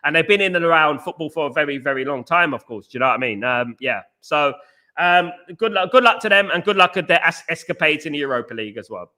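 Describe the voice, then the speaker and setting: A man chats loosely on a live stream, rambling from point to point and calling out to viewers in the chat. His voice is very bright and forward, and it sits a little higher than most men's. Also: lively intonation, fast. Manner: chatty, rambling, addresses chat viewers directly. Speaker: livestream host.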